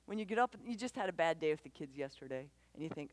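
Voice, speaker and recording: A woman giving a conversational church talk on parenting, animated and quick to act out voices, often asking the audience questions. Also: low-pitched, dry recording. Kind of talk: conversational sermon.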